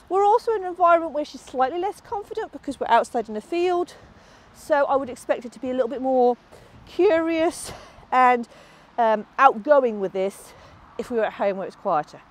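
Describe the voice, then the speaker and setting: Lively high-voiced woman dog trainer. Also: a little fast. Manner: lively, high sing-song praise to the dog between explanations. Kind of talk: instructional demonstration outdoors. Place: outdoors in a field.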